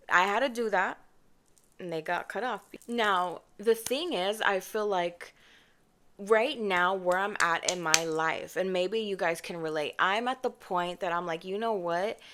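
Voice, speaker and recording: A young woman chats through a storytime at a mid pitch, sassy and animated. She calls her viewers babes and y'all and slips into mock voices to act out other people. Her own microphone sits close. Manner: chatty and expressive, mimics others with mock voices. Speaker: vlogger. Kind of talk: casual storytime monologue. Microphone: personal microphone.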